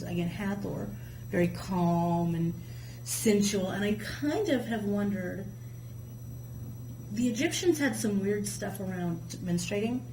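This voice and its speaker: A woman guest telling myths in casual, colloquial chat, with a lively storyteller's manner. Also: medium pitch. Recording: echoey room with faint hum.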